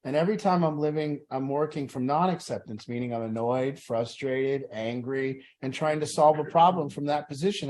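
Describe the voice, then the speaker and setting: A man leading a support group in an earnest, plain-spoken way. His pitch sits in the middle range for a man. He drives his points home by repeating the same phrases. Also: a little mellow.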